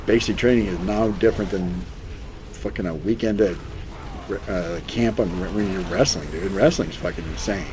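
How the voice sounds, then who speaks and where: A man's voice: deep voice, normal speed, noisy background. A young man streaming a game, rambling through loose, profane stories in casual chat. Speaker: gaming streamer. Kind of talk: casual storytelling chat while gaming.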